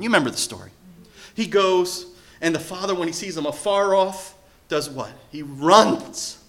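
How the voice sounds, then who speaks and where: A man preaching a sermon as pastor, telling a story in an animated way. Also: on the high side, moderate pace. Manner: animated storytelling, acting out quoted voices.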